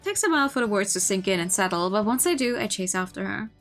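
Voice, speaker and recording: A woman streamer reading a visual novel aloud, with expressive narration and playful asides. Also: medium pitch, fast, soft background music.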